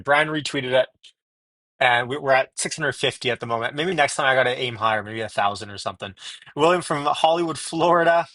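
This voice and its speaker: A man's voice: mid-range voice, fairly quick, pushed and bright, dry recording. A man hosting a casual live stream from home, chatting and greeting viewers by name as they join, talking into wireless earbuds.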